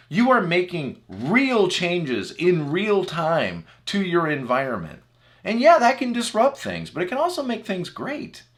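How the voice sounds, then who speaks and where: A man's voice: a little high, a bit bright. A man coaching his viewers in an earnest, encouraging talk, repeating phrases for emphasis. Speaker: enneagram coach. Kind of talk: motivational talk to camera.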